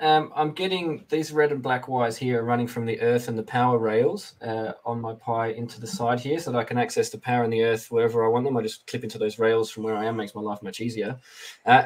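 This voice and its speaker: A man co-hosts a live stream and describes his wiring as he works. He talks fast and hands-on in a middle-pitched voice. He moves quickly from one step to the next. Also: rough recording. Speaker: co-host. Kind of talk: live demo narration.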